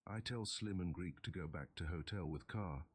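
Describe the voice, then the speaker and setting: A man reading aloud, voicing a big, superstitious gang thug who speaks in broken English, over steady keyboard typing. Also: low voice, normal speed, noisy background, lightly acted. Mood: deferential. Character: big hulking male gang thug, fearful.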